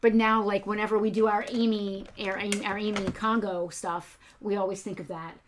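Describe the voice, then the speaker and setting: A woman's voice: mid-range voice, level tone, moderate pace, slight background noise. A woman co-hosting a toy shop's live stream, chatting casually with frequent laughs and rambling asides.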